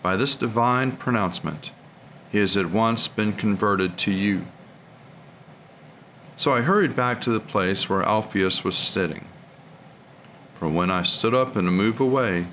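A man giving a steady, reverent recitation of prayers and a devotional reading in a liturgical service. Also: sits low, slight background noise.

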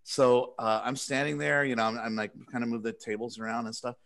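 A man's voice: medium pitch, fairly even intonation, fairly quick, vocal fry, fairly bright tone. Guy hosting a podcast, rambling story, laughing at himself a lot. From California. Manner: rambling, self-deprecating, laughing often. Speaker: podcast host. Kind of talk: casual storytelling among friends.

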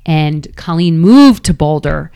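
Woman, middle-aged, low-pitched, candid, self-deprecating, interview guest. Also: expressive, takes it slowly, gravelly, warm tone, clean tone. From New York. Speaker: guest, former triathlete. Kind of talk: casual interview storytelling.

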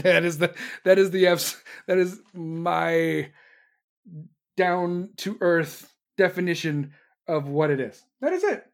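Stream host from the States, profane and sarcastic, ranting hard. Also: mid-range voice. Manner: blunt, sarcastic, heavy swearing. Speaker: online show host. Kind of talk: profane political rant to viewers.

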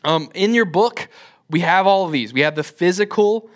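A young man in his twenties with a somewhat high voice gives a casual church lesson. He talks loosely and rambles, with plenty of "uh"s and restarts. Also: expressive, normal speed. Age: 20s. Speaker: church teacher. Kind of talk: casual classroom talk.

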